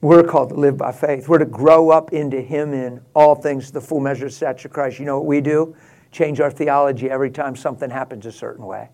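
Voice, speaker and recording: A man preaching a sermon, rising to passionate, laughing exclamations and dropping to a hushed prayerful tone. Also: mid-range voice, steady tone, a little fast. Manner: drops to a hushed prayerful tone near the end.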